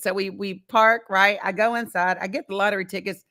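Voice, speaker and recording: A woman's voice: medium pitch, steady tone, normal speed, bright, forceful tone. An older woman hosting a livestream, telling a personal story in a chatty way and speaking directly to her viewers. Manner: chatty, conversational, addresses the audience directly. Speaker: livestream host. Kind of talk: casual storytelling to a live chat.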